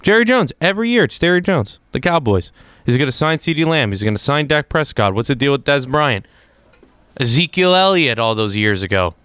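A young man giving opinionated solo sports talk, animated, jumping into quick impressions of other people. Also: smooth, dry recording. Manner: animated, mimics people in quick asides, lively pitch swings. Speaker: sports commentator.

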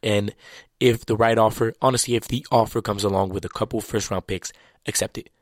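Man, French native, low voice, casual slangy sports chat, dry close sound. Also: fairly even intonation, fairly quick, no echo. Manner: loose and chatty, with slang and restarts. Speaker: basketball commentator.

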